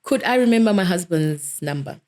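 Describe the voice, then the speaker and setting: Woman in her thirties, interview guest; lower-pitched voice, animated storyteller. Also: a little fast. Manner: vivid, animated storytelling, self-described vocal. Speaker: guest, dentist.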